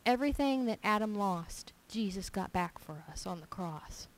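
A woman's voice: mid-range voice, normal speed, low-quality recording. A woman giving an informal sermon full of personal stories, talking emphatically and repeating her key points. She acts out small dialogues in her own voice as she goes. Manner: animated storytelling, acting out little dialogues in her own voice; emphatic and repetitive. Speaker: preacher.

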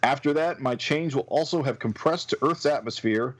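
A man's voice: mid-range voice, moderate pace, close to an everyday voice, low-quality recording. Man doing a gloating comic-book supervillain, grandiose, menacing, lightly played, conversational podcast read. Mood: threatening. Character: scheming vengeful male villain threatening Earth.

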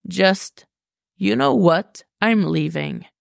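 A woman's voice: medium pitch, expressive, takes it slowly, gravelly, dry recording, clean studio sound, heavily acted. A woman reading a podfic, voicing a flustered young man who keeps insisting it was a joke. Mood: exasperated. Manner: defensive, exasperated.

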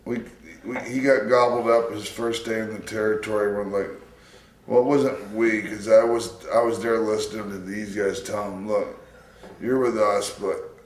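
A man's voice: lowish voice, little pitch movement, moderate pace. A man in laid-back, profane casual chat, chuckling and swearing as he talks. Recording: echoey room.

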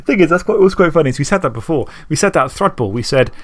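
A man's voice: a little high, expressive, rapid-fire. A man hosting a casual podcast chat, joking with his co-hosts as he wraps up the show. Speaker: podcast host.

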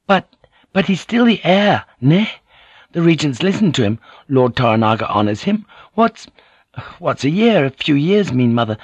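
A frightened teenage boy who stumbles over his words and pleads in a high, strained voice, as a male audiobook reader puts him on. His voice sits well above the reader's own. The sound is dry and slightly dull. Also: big pitch swings, normal speed, slightly rough, dry recording. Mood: anxious. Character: anxious teenage boy, heir's youth, trembling.

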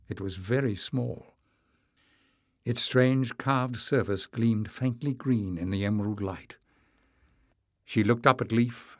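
A man reading a fantasy novel aloud in measured, expressive scripted narration. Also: mid-range voice, no echo, clean studio sound. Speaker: audiobook narrator.

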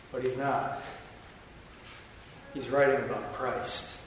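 A man's voice: fairly high pitch, moderate pace. A male pastor preaching a sermon, emphatic and repetitive, with joking self-mocking asides to the congregation. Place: church sanctuary. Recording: echoey church hall from far off, faint noise.

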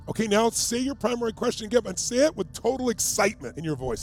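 A man's voice: high-pitched, expressive, fast, few pauses, faint music behind. A man as a motivational coach, leading a live group exercise with urgent, commanding, repeated cues.

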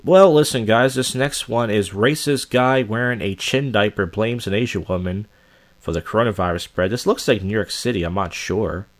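A man's voice: lowish voice, moderate pace. A man hosting a reaction video, giving crude, mocking commentary over clips and often breaking into laughter.

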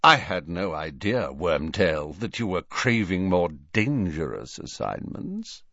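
A man's voice: on the low side, big pitch swings, slow, vocal fry, dry recording, full character voice. Snape: a man voicing a silky, sneering wizard. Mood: sardonic. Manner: silky, lazy drawl, mocking. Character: cold, sneering middle-aged male wizard. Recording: dull, dry studio recording.

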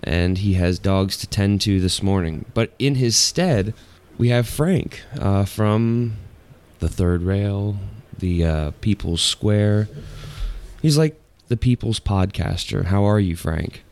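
A man's voice: lowish voice, takes it slowly, a little mellow. A man hosting a podcast in loose, profane, casual chat, laughing often. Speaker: podcast host.

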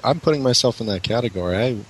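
A man's voice: medium pitch, expressive, rapid-fire, a little hiss or hum, poor audio. A man co-hosting a casual call-in show with dry, sardonic remarks. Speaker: co-host.

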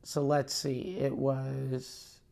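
A man's voice: medium pitch, completely flat delivery, extremely slow, creaky, warm tone. A young man from Canada hosting a podcast, telling a story in a casual, profane, ranting and self-mocking way. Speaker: podcast host.

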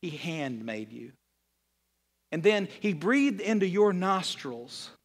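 Preacher, hushed to booming. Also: male voice, big pitch swings, takes it slowly. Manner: preacher swinging from hushed to loud and emphatic. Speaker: pastor. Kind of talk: sermon. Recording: long hall reverb.

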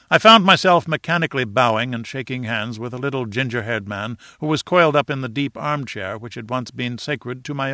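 A man narrates a classic adventure novel with an earnest, dramatic lilt. His voice is bright and forceful, and the recording is dry and close to the mic. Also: medium pitch, no room sound. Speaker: audiobook narrator. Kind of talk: first-person literary narration.

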